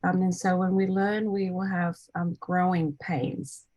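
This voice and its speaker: A woman's voice: fairly low pitch, little pitch movement, measured pace, no echo, highs cut off. A woman in her thirties hosting a casual group call, chatty, with many fillers and restarts. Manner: acts out quoted voices brightly. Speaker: meeting host, energy healer.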